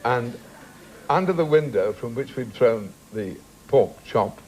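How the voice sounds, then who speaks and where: A man, a talk show guest, telling an anecdote in a dry, deliberate drawl. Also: mid-range voice, expressive. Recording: noisy archive television audio.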